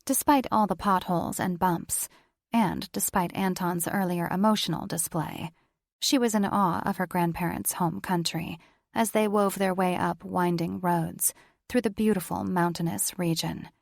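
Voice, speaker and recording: A woman narrates a romance audiobook in a low, gravelly voice. Her delivery is measured and steady. The studio sound is dry and close, with no room around her. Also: no room sound. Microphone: studio microphone.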